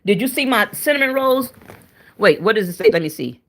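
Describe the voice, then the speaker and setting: A woman's voice: medium pitch, expressive, brisk. A woman hosting a cooking livestream, chatting frankly with her viewers and sounding tired and winded. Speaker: cooking channel livestream host. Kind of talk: casual chat with viewers.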